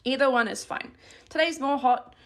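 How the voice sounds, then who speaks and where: A woman's voice: sits high, moderate pace. A woman teaching Korean grammar in a live-streamed lesson, explaining step by step in a friendly way and thanking viewers by name.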